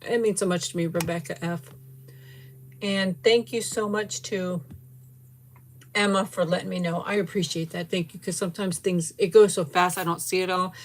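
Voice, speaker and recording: A woman's voice: fairly low pitch, steady tone, normal speed. A middle-aged woman hosting a casual livestream, tasting a sweet and gushing thanks to viewers by name with frequent giggles. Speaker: livestream host. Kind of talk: casual live chat and food tasting.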